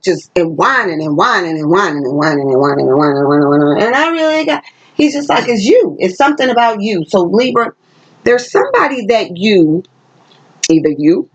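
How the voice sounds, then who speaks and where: A woman with a husky, breathy voice talks straight to her camera in a chatty, emphatic way. She is giving a tarot reading to her viewers. The recording is dull and lo-fi. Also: on the low side. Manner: chatty and emphatic, sings snippets of songs. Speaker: tarot reader. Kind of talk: casual spiritual reading vlog. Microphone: camera she set up herself.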